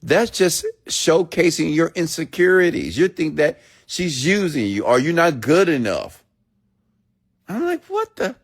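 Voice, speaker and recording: A man live-streaming a blunt, preachy rant to viewers, swinging between loud outbursts and low asides. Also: expressive, unhurried, few pauses.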